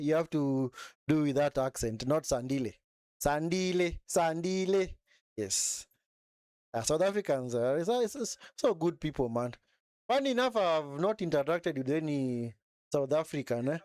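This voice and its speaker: Guy streaming a football match, kinda high voice, super clear, chats with the viewers and keeps saying man. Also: animated, normal speed, a little mellow, no room sound, studio quality. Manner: chatty, often ends phrases with "man", answers viewers in chat. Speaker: live stream host. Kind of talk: casual football watch-along commentary and chat.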